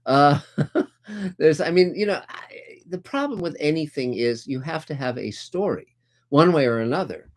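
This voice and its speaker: A man's voice: fairly high pitch, animated, measured pace. Man, middle-aged, host, upbeat, chatty, fillers, video call audio. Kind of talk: casual group video call chat.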